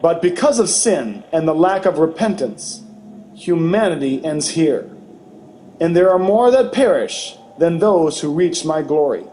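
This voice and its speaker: A man voicing a grave, tender Jesus who speaks slowly and solemnly in a dramatized testimony reading. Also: a little high, expressive, slight background noise. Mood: sorrowful. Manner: slow, solemn, gently pleading.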